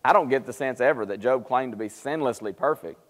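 A man teaching a Bible class, casual and conversational, who livens up when he acts out what people said. His voice sits at an ordinary middle pitch. It rings with the long reverb of a church hall on a live stream. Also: fairly quick. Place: church auditorium.

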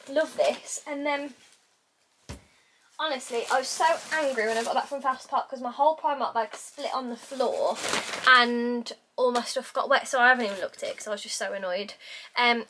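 A woman's voice: fairly high pitch, a bit bright, slight background noise. A young woman vlogging to camera in a casual, rambling way, full of fillers. She is indoors in her messy bedroom. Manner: rambling, chatty, filler-heavy.

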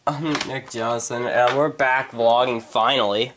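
A man's voice: medium pitch, fairly even intonation, unhurried, background noise. A man vlogging in a house, handheld camera, ranting and cursing in frustration. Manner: angry, swearing constantly. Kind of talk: casual vlog rant. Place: inside a house.

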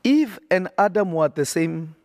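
A man's voice: high-pitched, lively intonation, moderate pace, darkish tone, dry recording, studio quality. A man preaching on a podcast, emphatic and repetitive, often checking that listeners follow. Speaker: prophet and podcast host.

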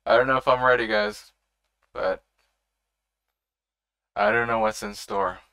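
An expressive reaction host who talks straight to the viewers in casual, profane commentary. The voice swings widely in pitch and has a gravelly edge, and the delivery is unhurried.

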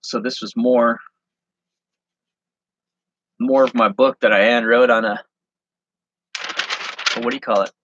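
A man reading his handwritten story aloud, halting and correcting himself as he goes. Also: mid-range voice, steady tone, fairly bright tone, dull audio, slight background noise. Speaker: online reseller and host.

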